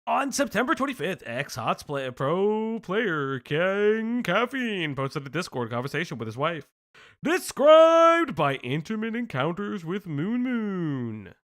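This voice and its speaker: Young guy streamer reading stuff out, bouncy voice, swears a lot, bright tone. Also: sits high, takes it slowly. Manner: animated, swearing, prone to joking asides. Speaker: stream host. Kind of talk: casual live-stream chat, reading news aloud.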